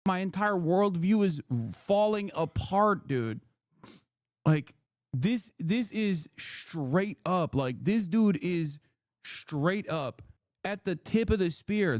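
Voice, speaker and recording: A man streaming as he reacts to clips, talking casually in an animated, mocking way with a lot of profanity. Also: a little high, no room sound, clean studio sound.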